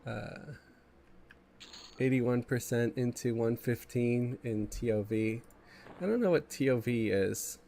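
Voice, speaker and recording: Man, stuffy congested voice, unhurried laid-back streamer reading chat between chuckles. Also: mid-range voice, vocal fry, warm tone, a little hiss or hum. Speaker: game streamer. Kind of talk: casual live-stream chat while gaming.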